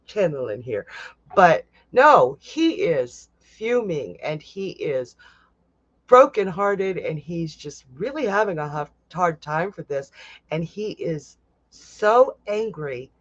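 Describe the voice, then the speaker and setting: Chatty psychic with a lively, slow delivery. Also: medium pitch, no room sound, muffled recording. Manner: chatty, blunt, swears freely. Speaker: psychic host of a live stream. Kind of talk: live tarot reading, casual chat.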